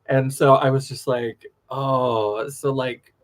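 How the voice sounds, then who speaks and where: A chatty man at a middle pitch, talking on a relaxed late-night livestream. He tells rambling stories, laughs often and jumps between topics in an animated way. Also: slow pace. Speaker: drag performer hosting a livestream.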